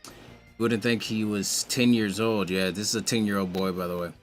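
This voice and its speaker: A man's voice: fairly low pitch, steady tone, normal speed, faint music behind. A man casually reading a comic aloud, stumbling through names and cursing as he adds his own comments. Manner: reads on the fly, stumbles, swears. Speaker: reader of a manga aloud.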